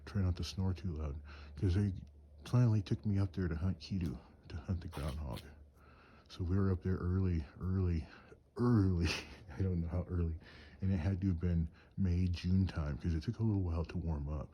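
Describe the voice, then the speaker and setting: This low-pitched, brisk voice has a breathy edge and lo-fi sound quality. The man, a craftsman and storyteller, chuckles through rambling tales while shivering in the cold on a nighttime mountain outing.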